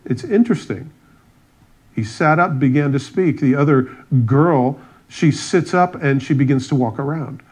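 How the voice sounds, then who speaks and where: A man's voice: fairly high pitch, expressive, moderate pace, darkish tone. A man pastor preaching a sermon, retelling scripture stories with wry asides and acted-out dialogue.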